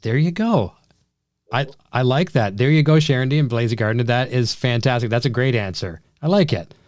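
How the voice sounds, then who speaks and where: A man's voice: mid-range voice, moderate pace, darkish tone, dry recording, clean studio sound. A man hosting an interview, chatty and agreeable, reading out viewer questions. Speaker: show host. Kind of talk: casual interview chat.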